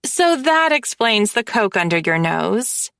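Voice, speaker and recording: A woman's voice: medium pitch, big pitch swings, takes it slowly, vocal fry, fairly bright tone, no room sound, studio quality, exaggerated voice. A woman voicing a bratty, sarcastic twenty-year-old mafia sister who mocks and gushes in a fake sweet tone. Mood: snarky. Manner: snarky, mocking, gushing.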